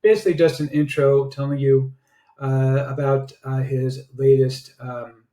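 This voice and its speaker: A man giving a casual product review and sales pitch, chatty and sprinkled with filler "uh"s. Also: fairly even intonation, unhurried, warm tone. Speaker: online marketer reviewing software. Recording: roomy echo.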